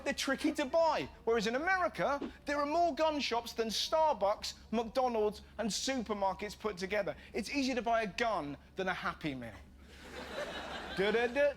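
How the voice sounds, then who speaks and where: A man with an English accent doing stand-up comedy, sarcastic and punchy, shouting the punchlines. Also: very high-pitched. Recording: TV clip with loud background noise.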